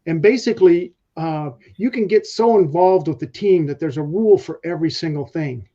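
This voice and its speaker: A man's voice: fairly high pitch, normal speed, warm tone, lo-fi sound. A man guest on a podcast, telling leadership stories in a rambling way with many fillers. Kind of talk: casual podcast talk.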